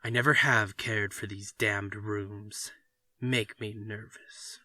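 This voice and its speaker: A man voicing a frank, calm advisor giving blunt counsel in a story reading. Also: lowish voice, no echo, heavily acted. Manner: measured, blunt advice. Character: calm, frank family doctor friend.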